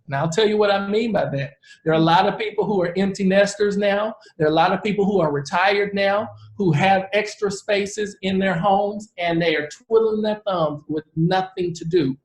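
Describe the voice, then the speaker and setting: Man, forties, real estate presenter, earnest animated storytelling, roomy echo. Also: high voice. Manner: earnest, animated storyteller who acts out the people he quotes.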